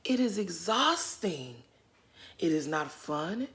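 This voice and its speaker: A woman's voice: on the low side, slow. A woman giving casual, shady commentary on a reality show, ranting with sass. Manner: sassy, shady, animated ranting.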